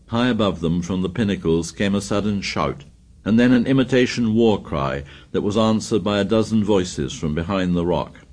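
A man narrating a novel in a measured, steady storytelling manner. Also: fairly low pitch. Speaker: audiobook narrator. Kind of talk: scripted narration.

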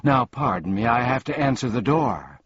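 A man voicing a pompous, forgetful, cheerful ordinary man in a storybook, speaking slowly and grandly on a slightly dull, dry recording. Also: mid-range voice, very animated, a bit bright, slightly rough, no room sound, pitched above the performer's own voice. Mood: cheery, rambling.

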